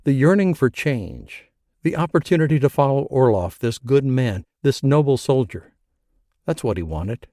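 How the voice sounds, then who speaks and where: A man in measured scripted narration of an audiobook thriller. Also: mid-range voice, no echo, clean studio sound. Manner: measured, even storytelling.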